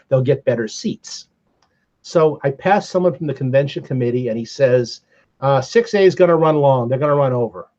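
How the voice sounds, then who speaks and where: Older man telling a lively convention story. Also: fairly high pitch. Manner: animated anecdotal telling with laughs. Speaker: podcast guest. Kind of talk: casual storytelling. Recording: slightly dull lo-fi sound.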